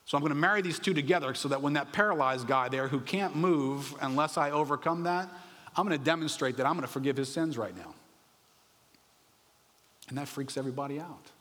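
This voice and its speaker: A man preaching a sermon in an animated, conversational way, often asking the audience rhetorical questions. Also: fairly high pitch, a little fast, in a large hall. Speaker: pastor.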